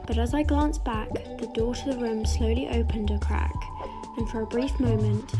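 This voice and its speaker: A woman narrating a spooky childhood story in a measured, hushed way. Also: a little high, fairly even intonation, over music.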